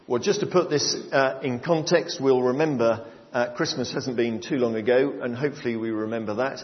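A man preaching a sermon, explaining a Bible passage to his congregation in a measured way. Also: mid-range voice. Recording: long hall reverb, dull lo-fi sound.

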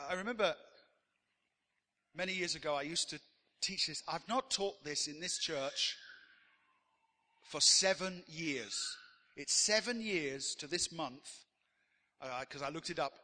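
A man preaches a sermon in an easy, conversational way, stopping often on "uh" as he tells stories. His voice is bright and pitched a bit high for a man. It rings out with the long reverb of a church hall. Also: slow, pauses often. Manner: conversational storytelling preacher with frequent "uh" fillers. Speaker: pastor.

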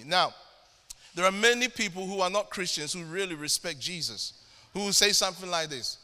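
Emphatic high-voiced male pastor in a hall. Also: bright, forceful tone. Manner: emphatic, slows down to stress key phrases. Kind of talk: sermon. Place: church hall. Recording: long hall reverb.

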